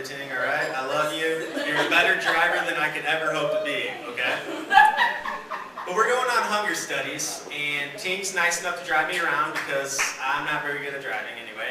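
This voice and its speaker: A man doing stand-up at a work dinner, telling animated stories and acting out exasperated quotes. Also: a little high. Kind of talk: stand-up storytelling. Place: dinner hall. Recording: echoey room from far off with noise.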